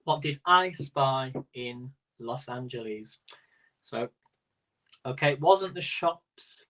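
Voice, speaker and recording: A man's voice: fairly high pitch, pushed and bright, rough recording. A man hosting a live-stream quiz in a casual, rambling way, laughing often as he talks. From Britain. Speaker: quiz host.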